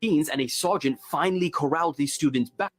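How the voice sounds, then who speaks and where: A male news reporter reading a report in a measured, factual way. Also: fairly high pitch, no echo.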